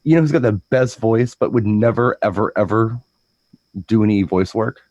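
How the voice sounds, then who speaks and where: A man chatting casually as a DJ co-host, telling stories in a rambling, animated way with lots of restarts. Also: on the low side, normal speed, no room sound, muffled recording. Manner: rambling, animated storytelling with frequent restarts and mimicked voices. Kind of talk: casual chat.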